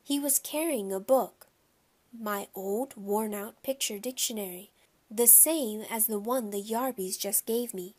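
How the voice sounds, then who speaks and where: Woman, audiobook narrator, children's story, lively, expressive. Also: medium pitch, measured pace.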